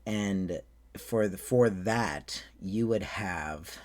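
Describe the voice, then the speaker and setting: A man who performs at a Renaissance faire, explaining how he does accents in a casual way. He speaks English with a put-on German accent over a slight Southern and Western American one, and his voice jumps up high when he shows off his flamboyant character. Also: very slow, a little mellow. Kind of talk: casual talk on accent technique.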